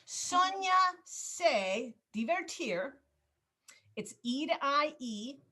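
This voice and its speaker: A woman teaching a Spanish class over a video call, explaining grammar rules patiently step by step and gently calling on students. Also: high voice, big pitch swings, extremely slow. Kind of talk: online class instruction.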